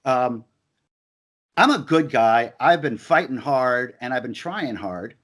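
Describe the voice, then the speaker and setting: An emphatic man in a heated back-and-forth conversation. He presses his points again and again, and often trips over restarts before getting the words out. His voice sits at an ordinary middle pitch. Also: animated, slow, fairly bright tone.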